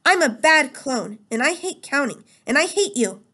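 A woman voicing an enraged young boy who shouts his lines. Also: high voice, very animated, moderate pace, voice pushed up, exaggerated voice. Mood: furious. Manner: shouting in rage.

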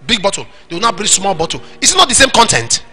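A man with a Nigerian accent preaching a sermon in church, acting out little scenes and shouting at the high points. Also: huge pitch swings, fast talker, soft background music. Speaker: pastor.

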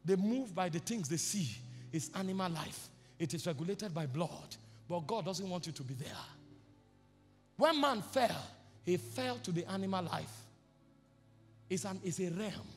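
High voiced preacher guy yelling his sermon, big reverby hall, some music under it. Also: animated, normal speed, long pauses. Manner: fervent, shouting preacher with repeated declarations. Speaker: apostle preaching.

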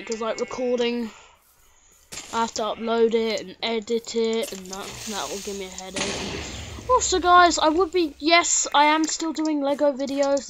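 A woman's voice: fairly high pitch, slight background noise. A woman with sinusitis, casually commentating on a game at home through a desk mic instead of a headset, chatty and rambling. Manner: chatty and rambling, bursts into panicked shouts. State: congested with sinusitis. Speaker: gaming channel host. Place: home room with slight echo.

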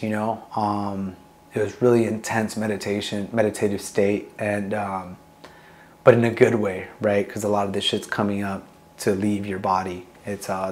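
A young man, a Marine veteran, talks candidly about his past in a casual interview, swearing freely and filling his speech with "like" and "dude". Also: on the low side. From Long Beach, California. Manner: candid, profane, many fillers like "like" and "dude".

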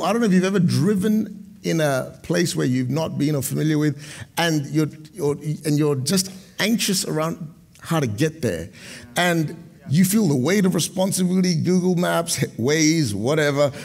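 High-voiced man preaching a lively sermon. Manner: dynamic preaching, swings from loud proclamations to low storytelling asides. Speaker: pastor.

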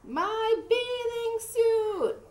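A whiny little frog boy squeaks and pleads in a high, swooping voice, as a woman puts him on. He stalls at every turn, sounding like a storybook character read aloud. The sound carries a roomy echo. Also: wildly swooping pitch, slow, fairly bright tone, a little hiss or hum, heavily acted. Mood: panicky. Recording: echoey room.

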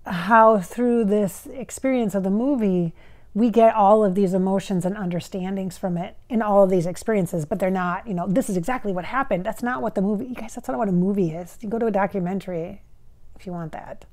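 A woman's voice: mid-range voice, a little fast, a little mellow. Earnest woman channeler talking to camera. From Minnesota. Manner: earnest, emotional, addresses the spirit directly. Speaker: psychic channeler, channel host. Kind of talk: casual reaction talk to camera.

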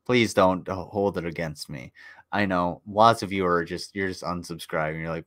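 A man's voice: deep voice, moderate pace, fairly bright tone. A tired man casually commenting on a livestream, joking and swearing as he rambles. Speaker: streamer reviewing war footage.

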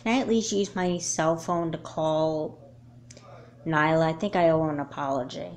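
In a home-made doll movie, a woman voices a young girl hooked on her laptop, speaking in a low-set, natural voice. When she panics, her voice jumps up high and loud. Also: moderate pace, a little hiss or hum. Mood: apologetic.

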